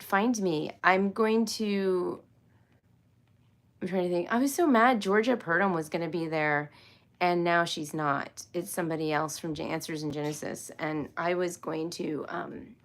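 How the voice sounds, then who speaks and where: A middle-aged woman hosting a casual livestream for homeschool viewers, tired and a bit loopy, rambling, giggling and apologizing as she talks. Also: lowish voice. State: tired and loopy after a long workday.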